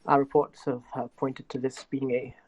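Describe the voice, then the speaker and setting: A man in a tabletop game speaking formally and measured. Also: mid-range voice, little pitch movement, highs cut off.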